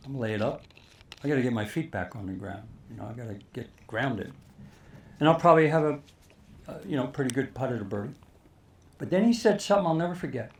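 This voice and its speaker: An older man telling a lively golf story to an audience, acting out the quoted lines. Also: medium pitch, brisk, pauses often. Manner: animated storyteller, acts out quotes. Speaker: speaker telling a caddie story.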